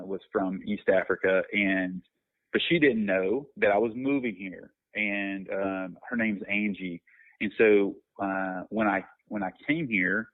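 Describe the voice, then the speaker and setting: A man's voice: fairly low pitch, phone-quality sound. A man telling stories in a podcast interview as a guest minister, reflective, with many restarts and fillers.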